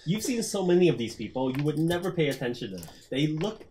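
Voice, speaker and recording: A man's voice: on the high side, big pitch swings, fast, darkish tone, a little hiss or hum. A man running a tabletop horror game as game master, describing scenes casually with lots of fillers.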